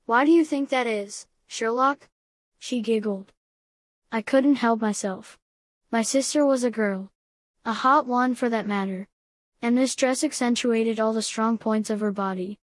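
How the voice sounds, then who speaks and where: A woman narrating a first-person story in a steady, even reading voice. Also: on the high side, a little slow, no echo. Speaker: audiobook reader.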